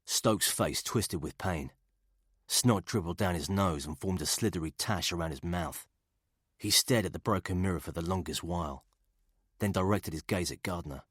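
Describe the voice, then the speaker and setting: A man giving steady, measured scripted narration of a thriller audiobook. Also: low voice, breathy edge, dry recording, clean studio sound.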